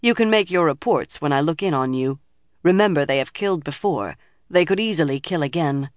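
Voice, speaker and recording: A man's voice: fairly high pitch, expressive, fairly quick, no echo, natural voice. A man voicing a dry, authoritative older woman leader in an audiobook reading. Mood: commanding.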